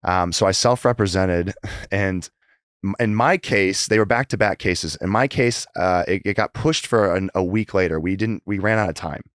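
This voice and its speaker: In a relaxed interview, a male podcast guest in his thirties recounts his story with plenty of rambling and restarts, acting out past conversations. His low voice is a bit bright and moves at a moderate pace, recorded dry at studio quality.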